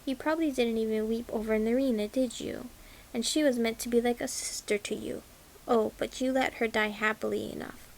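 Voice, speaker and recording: A woman's voice: on the high side, fairly even intonation, fairly quick, a little hiss or hum, natural voice, poor audio. A woman voicing a furious, grieving female jailer who speaks savagely and bitterly in an audiobook.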